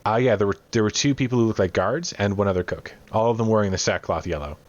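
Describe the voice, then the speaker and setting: A man with a lowish voice runs a tabletop game, describing scenes in a relaxed, halting way. The sound is dull and lo-fi, like an online voice chat. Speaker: game master.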